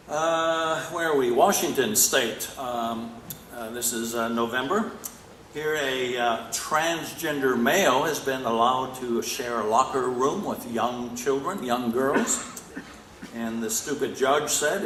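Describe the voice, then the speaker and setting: A man's voice: mid-range voice, a little slow, a bit bright. An Australian man giving an emphatic conference talk, often prodding the audience with "right?". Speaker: conference speaker. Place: conference hall. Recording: echoey hall with faint noise.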